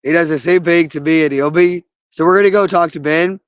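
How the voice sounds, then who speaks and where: A man's voice: a little high, steady tone, fairly quick, clean tone, no echo. A man in an agitated, rambling monologue, cursing often and repeating himself. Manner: agitated, profane, repetitive.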